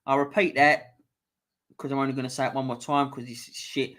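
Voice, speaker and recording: A man's voice: medium pitch, little pitch movement, brisk, a bit bright. A young man with a London accent hosting a casual live-stream quiz, swearing freely and chatting offhand between questions. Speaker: quiz host.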